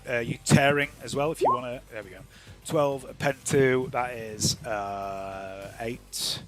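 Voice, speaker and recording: A man running a tabletop game as game master, narrating in a relaxed, rambling way with lots of fillers. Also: medium pitch, a little slow, soft background music.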